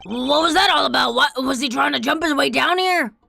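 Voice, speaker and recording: Woman voicing a haughty young prosecutor girl, snappy and indignant, high voice, faint music behind. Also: fairly quick, vocal fry, sharp tone, heavily acted. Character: haughty young female prosecutor, sharp-tongued.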